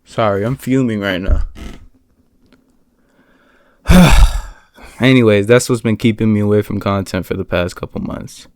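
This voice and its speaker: A young man telling a personal story on his vlog, animated and swearing, bursting into shouts. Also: on the low side, a little slow, pauses often, dry recording. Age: young adult. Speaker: vlogger.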